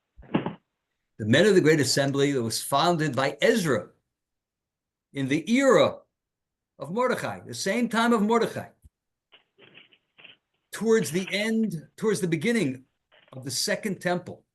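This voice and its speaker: A man with a somewhat higher voice delivers a Torah lecture as a rabbi. He teaches in an animated, emphatic way, posing rhetorical questions and weaving in Hebrew terms. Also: a little slow, pauses often, slight background noise.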